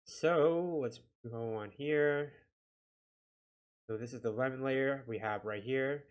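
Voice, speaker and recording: A man giving a casual software tutorial, talking himself through each click with a chatty, self-deprecating manner. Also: medium pitch, takes it slowly. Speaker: video editing instructor.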